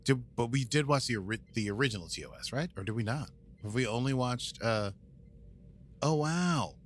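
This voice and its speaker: A man's voice: medium pitch, moderate pace, slight background noise. A man co-hosting a podcast, chatting casually in a rambling, jokey way with lots of fillers. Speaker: podcast co-host. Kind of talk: casual chat.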